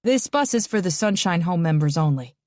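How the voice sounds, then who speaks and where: A woman's voice: on the low side, animated, fairly quick, darkish tone, no room sound, studio quality, natural voice. A woman narrator voicing a young male bus driver who firmly orders someone off, in an audiobook.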